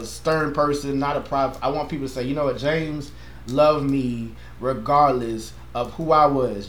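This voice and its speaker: Earnest passionate pastor in an echoey room. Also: male voice, medium pitch, slight background noise. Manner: earnest, passionate, animated with playful asides. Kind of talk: casual chat.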